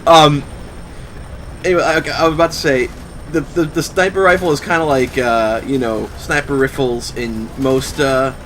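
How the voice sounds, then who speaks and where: A man's voice: mid-range voice, fairly even intonation, normal speed, a bit bright, a little hiss or hum, rough recording. A man casually commenting while playing a shooter game, laid-back, swearing now and then and explaining the game's mechanics. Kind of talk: casual let's play commentary.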